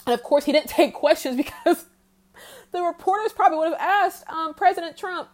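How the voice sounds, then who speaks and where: A woman hosting a solo podcast, talking heatedly and in exasperation about the news. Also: very high voice. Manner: heated, exasperated, talks straight without pausing. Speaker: podcast host. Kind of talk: solo commentary rant.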